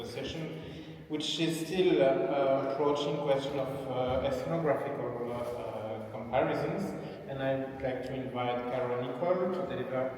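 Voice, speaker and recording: A man's voice: mid-range voice, background noise. A man chairing an academic conference session, introducing the next speaker with frequent uhs. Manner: hesitant, many uhs and restarts. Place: conference hall. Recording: distant voice in echoey hall.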